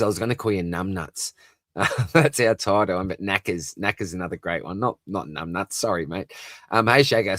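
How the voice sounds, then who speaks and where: A man's voice: deep voice, dry recording, studio quality. An Australian man hosting a live stream, chatting casually and upbeat as he reads out viewers' comments, laughing easily. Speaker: livestream host.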